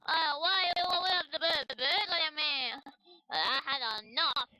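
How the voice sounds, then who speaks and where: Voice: high voice, measured pace, bright, forceful tone, dry recording, heavily acted, rough recording. A young streamer voicing a crying baby ghost in babyish baby talk during a game stream. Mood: whiny, crying. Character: whiny baby boy ghost. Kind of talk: let's play voice acting.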